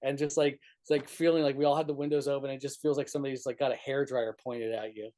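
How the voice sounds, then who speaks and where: In a casual storytelling interview, a man from northern New Mexico who tours as a musician shares road stories, laughing a lot, restarting, and filling his speech with "like." He talks at a quick pace in a mid-range, level voice with a dark tone.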